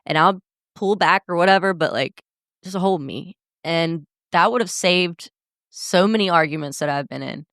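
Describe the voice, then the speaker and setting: A woman's voice: on the low side, moderate pace, fairly bright tone, no echo. Podcast host, young woman, candid and profane, close and dry sound. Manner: candid, blunt, swears freely. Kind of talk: casual podcast monologue.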